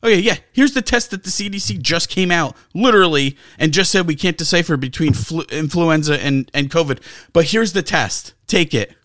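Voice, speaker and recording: A man on a sports podcast tears into his critics in a high, strained voice, swearing constantly and dripping with sarcasm. The sound is dry and close, with no room around it. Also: animated, normal speed, hardly any pauses, a bit bright, no echo. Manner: profane, ranting, sarcastic. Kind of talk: heated sports talk rant.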